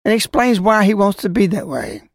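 A man's voice: high-pitched, big pitch swings, normal speed, creaky, dry recording, studio quality. A man giving a scolding religious talk, full of rhetorical questions and warnings. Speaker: religious speaker. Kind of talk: preaching talk.

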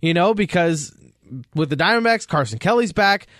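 A man's voice: high-pitched, moderate pace, no room sound, studio quality. A man co-hosting a casual sports podcast, telling stories with lots of energy and acting out quotes. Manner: animated storytelling, acts out quotes. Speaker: podcast co-host.

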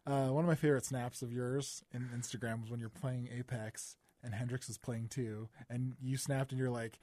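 A man co-hosts a relaxed podcast chat, trading teasing banter with his guest. His voice is at an average male pitch, recorded close and dry in a studio. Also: moderate pace, hardly any pauses, no room sound. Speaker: podcast co-host.

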